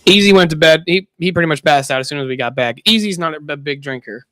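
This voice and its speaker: A man's voice: on the high side, quick pace, a bit bright, dry recording. A young man streaming, telling a profane party story with frequent laughter. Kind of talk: casual chat.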